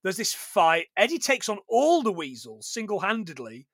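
A man hosting a casual podcast chat, joking, swearing and putting on quick voices for the characters he retells. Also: high voice, huge pitch swings, fairly bright tone, no room sound. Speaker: podcast host.

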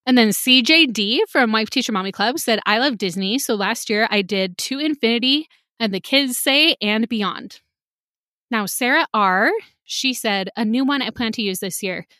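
A woman's voice: on the high side, moderate pace, sharp tone, no room sound, clean studio sound. A woman hosting a podcast about teaching, chatting in an upbeat, casual way and breaking into short jingles and chants.

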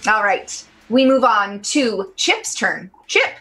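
A woman running a tabletop game as game master, describing monsters and calling for saving throws in a measured way. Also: medium pitch, big pitch swings, pushed and bright.

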